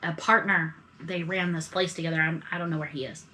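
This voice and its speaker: A woman playing a tabletop game, speaking playfully with quick asides. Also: deep voice, fairly even intonation, bright, forceful tone, slight background noise, poor audio. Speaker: player. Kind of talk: tabletop role-play, in character and out.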